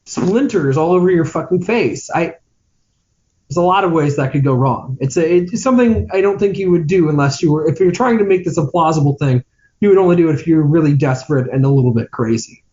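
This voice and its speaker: High voiced podcast dude, sarcastic, grumbling, muffled lo-fi mic. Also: male voice, fairly quick, mellow. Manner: sardonic and dismissive, trailing off into low grumbles. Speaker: podcast co-host. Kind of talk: casual movie-review chat.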